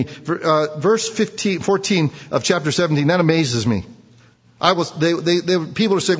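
Male preacher, mid-pitched, lively and questioning; muffled recording with long hall echo. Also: moderate pace, breathy edge. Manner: lively, quizzes the congregation, acts out quotes. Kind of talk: sermon.

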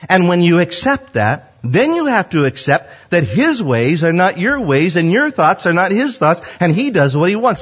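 A middle-aged man preaching a sermon, retelling scripture with animated storytelling and acted-out quotes. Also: high-pitched. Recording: dull lo-fi sound.

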